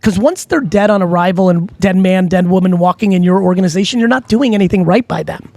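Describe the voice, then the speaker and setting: A middle-aged man, hosting a casual advice talk in a blunt, animated, profane way. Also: high voice, fast talker, dry recording. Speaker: host.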